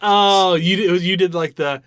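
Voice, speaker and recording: A man co-hosting a podcast in casual chat, animated and rambling, often repeating words as he explains. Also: high voice, measured pace, clean tone, dry recording. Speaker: podcast co-host.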